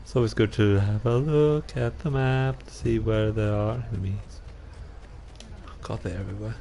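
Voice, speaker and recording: A man's voice: on the low side, moderate pace, a little hiss or hum. A man casually commenting on his gameplay, musing aloud and reacting to himself as he plays. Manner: relaxed, musing, talks to himself while playing. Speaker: game streamer.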